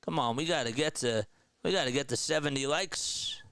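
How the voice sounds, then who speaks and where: A man doing live baseball play-by-play for a stream, trading energetic banter with viewers between pitches. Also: normal speed, gravelly, clean tone, no room sound.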